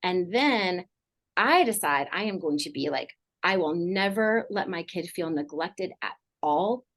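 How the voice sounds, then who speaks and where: A woman's voice: fairly low pitch, lively intonation, unhurried, a bit bright. A middle-aged woman counselor talking casually on a podcast, rambling with many fillers like "like" and "you know". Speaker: mental health counselor guest.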